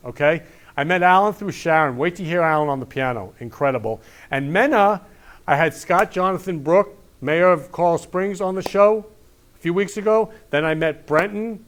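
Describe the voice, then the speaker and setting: A middle-aged man hosting a talk show, gushing and repeating declarations of love in an effusive monologue. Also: high-pitched.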